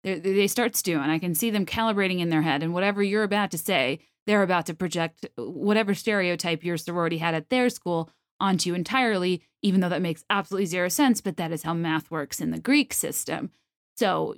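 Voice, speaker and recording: A young adult woman hosting a solo comedy podcast, talking in an animated, sarcastic way and slipping into mocking voices. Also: on the low side, a little fast, dry recording, studio quality. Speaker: podcast host.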